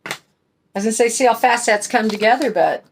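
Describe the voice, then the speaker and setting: A woman's voice: a little high, a little fast, slight background noise. A middle-aged woman hosting a crafting channel, chatting in a folksy way while she paints and explains each step. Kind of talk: casual craft tutorial talk.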